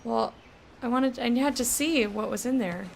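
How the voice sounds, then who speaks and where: A young woman casually commenting while playing a video game, chatty and thinking aloud, with sudden bursts of excitement. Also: on the high side, moderate pace, gravelly, a little hiss or hum. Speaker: let's play streamer.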